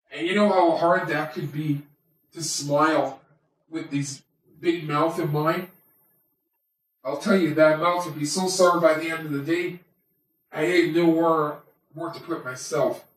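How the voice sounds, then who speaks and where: A man's voice: fairly high pitch, fairly bright tone. A man voicing a chatty male toy wolf who tells his life story in a rambling, self-mocking way, as a homemade comic monologue. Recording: very echoey room, voice far from mic.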